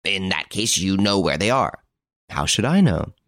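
A man's voice: sits low, expressive, moderate pace, a bit bright, no room sound, studio quality. A man doing a cornered, sullen blackmailer. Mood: defiant.

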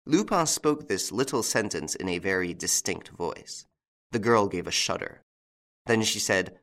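A man narrating a classic detective novel as a measured audiobook reading. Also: low-pitched, big pitch swings, a bit bright. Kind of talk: scripted narration.

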